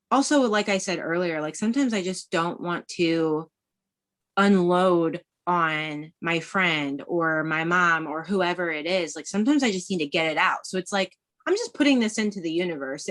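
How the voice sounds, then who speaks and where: Candid, rambling woman guest, low voice. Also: a bit bright. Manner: candid, rambling, many fillers. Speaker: podcast guest. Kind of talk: casual chat.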